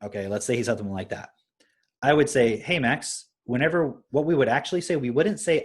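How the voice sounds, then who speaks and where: Husky-voiced man telling parenting stories. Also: mid-range voice, expressive, fast. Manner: explains with anecdotes, often asks "right?". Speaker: live stream host. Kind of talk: casual parenting talk.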